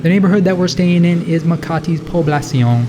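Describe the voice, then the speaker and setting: A man reading a scripted travel voice-over with a relaxed, wry manner. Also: a little high, brisk, very noisy. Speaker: travel vlogger.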